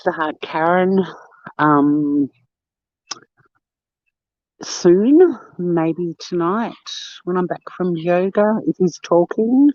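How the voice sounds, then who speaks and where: Low-pitched and casual, an Australian woman hosts a phone livestream where she reads viewer comments, swears freely and laughs often. The recording is dry and lo-fi.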